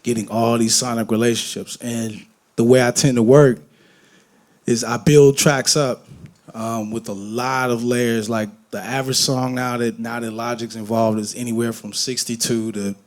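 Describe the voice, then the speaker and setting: A man from Detroit talking candidly on a festival stage, telling animated, profane, joking stories and acting out voices. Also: mid-range voice, moderate pace. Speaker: guest musician on stage. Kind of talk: candid onstage conversation. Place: festival main stage before an audience.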